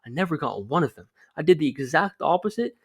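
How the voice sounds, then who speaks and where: A man's voice: on the high side, very animated, fast talker, slightly rough. A young man giving casual, rambling dating advice straight to camera, filling his talk with "like". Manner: rambling, loose, lots of "like" fillers. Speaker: vlogger.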